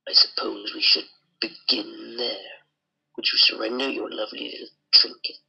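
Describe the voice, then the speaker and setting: A man voicing a greedy, scheming soldier villain in a video game, sneering and slipping into breathy whispered laughs. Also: on the low side, little pitch movement, normal speed, sharp tone, highs cut off, exaggerated voice. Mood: menacing. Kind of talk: amateur voice acting over a video game.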